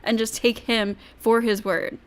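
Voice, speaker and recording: A woman's voice: on the high side, flat delivery, measured pace. Profane ranting woman streamer. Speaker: streamer reacting to clips. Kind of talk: casual livestream commentary.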